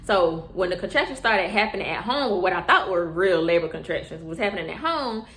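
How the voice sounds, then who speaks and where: A woman's voice: fairly low pitch, animated, fairly quick, a bit bright. A young woman casually telling viewers her birth story, chatty and repetitive, often calling them y'all. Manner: chatty, repeats herself, addresses viewers as y'all. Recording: echoey room.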